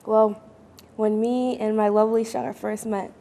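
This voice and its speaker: A young woman tells a personal story on a panel, her voice soft and mellow. She is animated and acts out the lines of the people in her tale. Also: mid-range voice, unhurried. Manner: animated, acts out quoted voices, laughs often. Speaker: mentee guest.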